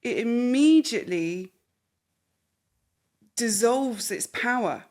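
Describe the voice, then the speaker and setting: Her pitch sits fairly high and her pace is slow. She's a counsellor hosting a podcast, walking a client through a coaching session that plays out like therapy, and she animatedly voices the people she quotes.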